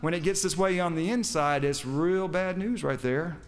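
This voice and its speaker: A man's voice: fairly high pitch, normal speed. A man preaching a sermon, quoting scripture with emphasis and putting questions to his congregation. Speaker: pastor.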